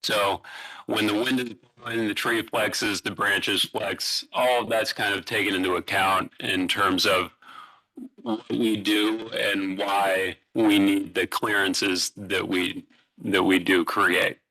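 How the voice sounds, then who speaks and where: A man giving a presentation at a public meeting, explaining in a halting way with many restarts. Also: lowish voice, flat delivery, sharp tone, low-quality recording. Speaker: utility presenter. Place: city hall meeting room.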